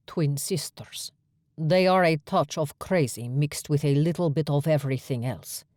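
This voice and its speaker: A woman voicing a calm, gentle male Viking vampire in an audiobook, speaking low and measured. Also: dry recording, studio quality. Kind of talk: audiobook character voice.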